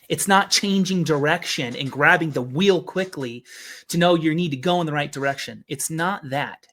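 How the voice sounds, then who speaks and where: A man's voice: fairly high pitch, fairly bright tone. A man giving an earnest motivational talk as a business coach, often asking rhetorical questions.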